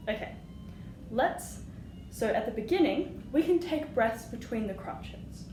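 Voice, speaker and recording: A woman's voice: on the high side, animated, unhurried, music in the background. A woman teaching flute, patient and encouraging, singing rhythms aloud as she explains. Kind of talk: music lesson. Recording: echoey room with audible noise.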